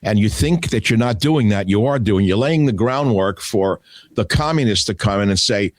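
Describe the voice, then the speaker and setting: A man's voice: lowish voice, fairly quick, no echo. An older man hosting a talk radio show, delivering a combative, scornful solo monologue. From United States.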